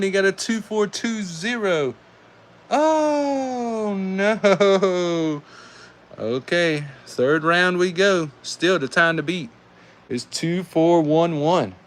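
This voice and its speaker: A man with a Southern US accent calling live die-cast car races, excitable and saying y'all, reading out times as each heat ends. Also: fairly high pitch. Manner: excitable, calls out race times, says y'all. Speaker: die-cast race host and commentator. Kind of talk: live race commentary.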